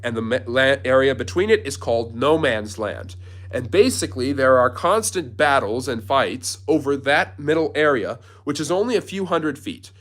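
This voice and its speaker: A man's voice: medium pitch, animated, moderate pace, fairly bright tone. A man hosting a live history Q&A, explaining events step by step in a storytelling way. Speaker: history channel host.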